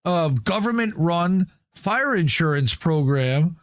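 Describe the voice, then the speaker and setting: A man's voice: on the high side, expressive, takes it slowly, no echo, clean studio sound. A man hosting a talk show, reading an article aloud and commenting in a casual, profane way. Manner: profane, conversational, reads aloud then comments. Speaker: news show host.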